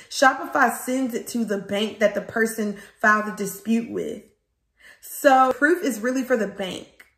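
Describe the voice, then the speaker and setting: A woman who runs a small business, from Louisiana, telling viewers a storytime in a casual, animated way and calling them guys and y'all. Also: a little high. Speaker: small business owner vlogger. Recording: echoey room.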